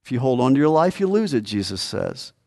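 A man's voice: mid-range voice, very animated, brisk, vocal fry, darkish tone. A man preaching a sermon as a pastor, earnest and repetitive, rising to sudden emphatic peaks. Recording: long hall reverb.

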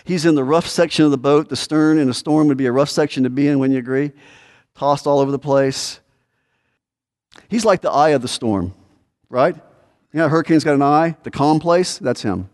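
A male pastor preaching a conversational sermon to his congregation, asking the room rhetorical questions and acting out desperate pleas before dropping to quiet, low asides. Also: moderate pace. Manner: swings between raised pleading lines and low quiet asides.

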